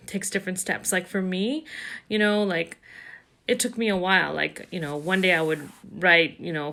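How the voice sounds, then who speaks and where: A woman's voice: mid-range voice, a bit bright. A middle-aged woman coaching mothers, talking casually to camera and retelling a conversation with many fillers.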